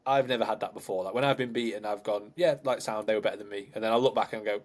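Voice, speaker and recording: A man's voice: fairly low pitch, racing. A man co-hosting a podcast as a coach, chatting bluntly and swearing casually. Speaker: podcast co-host, bodybuilding coach.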